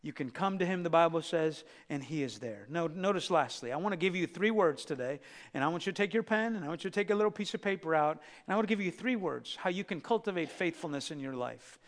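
Pastor, male, high bright voice, animated sermon delivery that acts out characters, long hall reverb. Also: fast talker. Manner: animated storytelling, acting out biblical characters.

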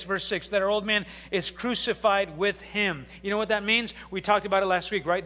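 Male pastor, emphatic preaching, high bright voice, reverberant hall. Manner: emphatic preaching with rhetorical questions. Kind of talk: sermon.

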